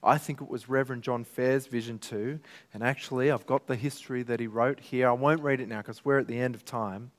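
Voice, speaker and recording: A man's voice: mid-range voice, fairly even intonation, brisk. A man preaching a sermon as pastor, earnest and emotional, rising to emphatic peaks. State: tearful at times.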